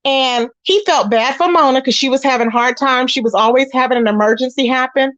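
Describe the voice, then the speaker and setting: A woman with a high, bright-sitting voice spills online drama to her viewers in casual commentary. She tells it in an animated way and slips into the voices of the people she quotes. The sound is dry and close, with no room around it. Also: a little fast, dry recording, dull audio. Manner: animated storytelling, acts out quoted voices, talks straight to viewers. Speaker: commentary channel host.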